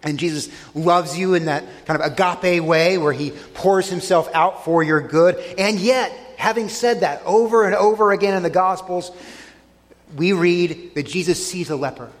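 A man preaching a sermon, earnest and emphatic, slowing down to stress key phrases. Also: sits high, long reverb tail. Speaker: pastor.

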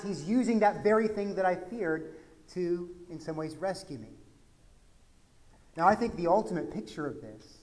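A man from Texas, a pastor, preaching a conversational sermon that swings from quiet asides to loud, emphatic peaks. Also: fairly high pitch.

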